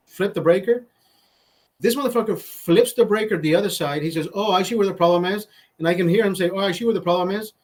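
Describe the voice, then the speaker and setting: A man with a voice a bit higher than most men's chats on his live stream. He swears constantly, rambles, and keeps restarting his sentences as he speaks to viewers by name. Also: husky. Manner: profane, rambling, self-interrupting. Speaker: livestream host. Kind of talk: casual storytelling to live chat.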